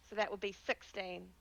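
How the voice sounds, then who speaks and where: A woman's voice: medium pitch, gravelly, a bit bright, rough recording. A woman playing a tabletop game, eager and pleading with the game master. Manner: eager, pleading, quick to gasp. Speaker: player. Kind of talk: casual tabletop game chat.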